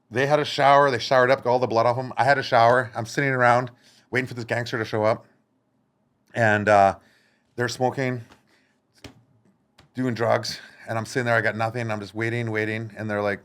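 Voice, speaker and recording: A man guest on a studio podcast, telling a story in a casual, animated way, swearing and acting out what others said. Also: mid-range voice, fairly quick, long pauses, clear, resonant tone.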